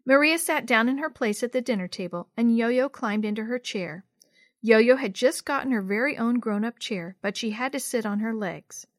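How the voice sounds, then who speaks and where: A woman narrating a children's storybook with a clear, steady read-aloud delivery. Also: on the high side, normal speed, dry recording, clean studio sound.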